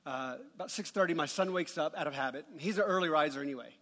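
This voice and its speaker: A middle-aged man preaching, his voice slightly high for a man. He tells stories in a light, humorous, conversational way. His words ring out with the long reverb of a large church hall. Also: quick pace, a bit bright. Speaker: pastor. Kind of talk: sermon with a personal story.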